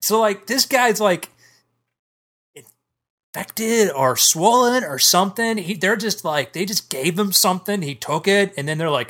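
A man's voice: sits high, a little slow. A man co-hosting a podcast who dramatically retells a friend's story in casual comedic chat. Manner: animated, theatrical retelling. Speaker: podcast co-host.

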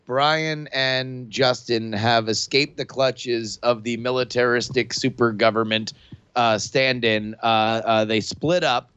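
A man playing a tabletop game who recaps the story so far with many halting fillers. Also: medium pitch, fairly bright tone, smooth, no echo, highs cut off. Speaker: player.

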